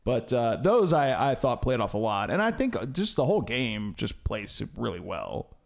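A man co-hosting a casual podcast chat about video games, talking in an animated way and laughing easily. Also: mid-range voice, normal speed, vocal fry. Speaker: podcast co-host.

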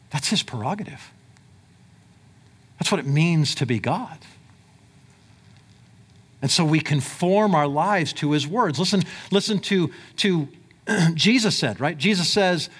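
A man preaching a sermon in a conversational way, swinging between loud emphatic lines and quiet low ones. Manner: conversational, with fillers like "like" and "right?". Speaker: pastor.

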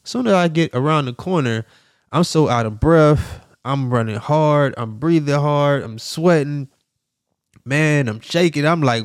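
A middle-aged man hosting a podcast who tells a story in an animated way, laughing often and acting out the sounds. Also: fairly high pitch, a little slow, clear, resonant tone, dry recording, studio quality. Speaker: podcast host.

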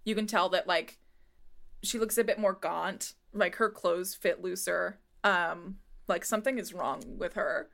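A woman's voice: on the low side, measured pace, vocal fry, a bit bright. A woman narrating as game master of a tabletop game, casual, with many fillers.

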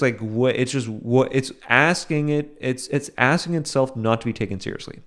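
A young man hosting a solo podcast, talking casually and rambling with frequent restarts and fillers. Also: fairly low pitch. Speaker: podcast host.

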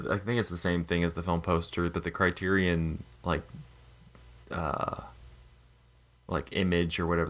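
A man's voice: low-pitched, fairly bright tone. A man hosting a casual film podcast, talking in a hesitant way with many restarts. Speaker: podcast host.

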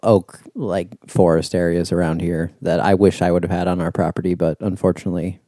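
A man speaking as a podcast guest with a very deep, mellow, dark voice. He talks in a relaxed, plain-spoken way, recorded dry and close. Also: a little fast, no echo. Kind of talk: casual chat.

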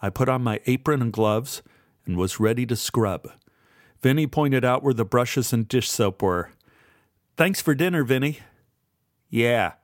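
A man narrates a story in the first person at a measured, steady pace. His voice sits at an ordinary middle pitch, and the recording is dry and close with no room sound. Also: no room sound. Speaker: audiobook narrator.

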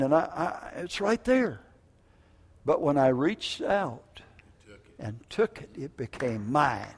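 An older man preaching a sermon as a prison minister, telling stories in an animated, jokey way with stammered restarts. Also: high-pitched. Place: church. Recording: reverberant church hall.

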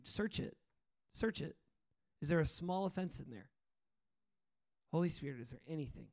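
Excitable high-voiced young preacher man. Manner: excitable, laughing, storytelling. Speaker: speaker at a training school. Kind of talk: informal sermon talk.

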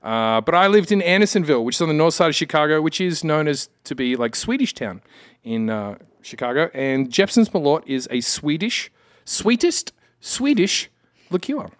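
An Australian man guesting on a podcast, his voice sitting a touch higher than most men's. He rambles through stories with plenty of self-mocking asides, recorded dry and close with no room echo. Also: big pitch swings, brisk, clear, resonant tone. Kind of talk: casual chat.

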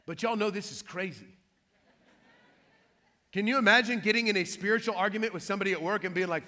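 Bright-voiced preacher, man, playful. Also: sits high, quick pace, pauses often, in a large hall. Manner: lively storytelling with playful trash-talk asides. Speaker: pastor. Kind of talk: sermon.

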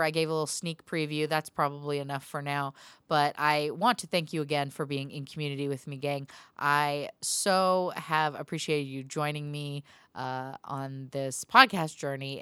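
Lady podcast host, kinda low voice, cusses a lot, super dry close sound. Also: fairly bright tone, clean tone, dry recording. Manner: profane, rambling, laughs often. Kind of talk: casual solo podcast pep talk.

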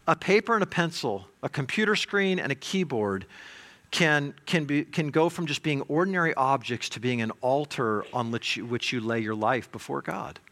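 Male pastor, bright fairly high voice, chatty sermon delivery with stammered repeats and tag questions. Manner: conversational preaching, frequent repeated words and "right?"; swings from loud emphatic to quiet and slow.

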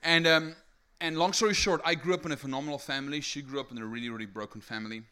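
Young man from South Africa, testimony sermon, bright forceful voice, keeps checking in with the crowd. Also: on the high side, fast, clear, resonant tone. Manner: energetic storytelling with many rhetorical "right?" tags. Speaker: speaker giving testimony. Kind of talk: sermon testimony to a live audience.

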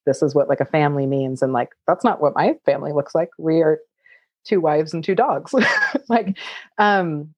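A cookbook author with a low, darkish voice answers audience questions in casual chat at a moderate pace, laughing often and saying "like" a lot. The recording is dry.

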